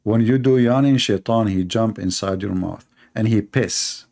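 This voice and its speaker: A man's voice: lowish voice, a little slow, creaky, darkish tone. A man giving a sarcastic, mocking religious polemic in non-native English. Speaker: religious debater. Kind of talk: polemical monologue.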